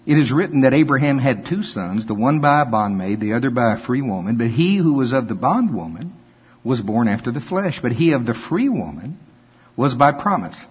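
Older man, preacher, husky voice, lively pitch, lo-fi hall recording. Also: a little fast. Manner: animated, folksy asides between King James readings. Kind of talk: sermon with scripture reading. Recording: dull lo-fi with long hall reverb.

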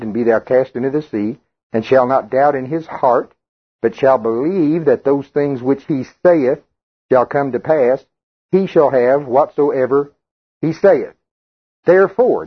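A man's voice: fairly high pitch, slightly rough, highs cut off. A man preaching a sermon who reads scripture aloud and then explains it conversationally, joking with the congregation. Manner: jokes with the congregation and calls on people by name.

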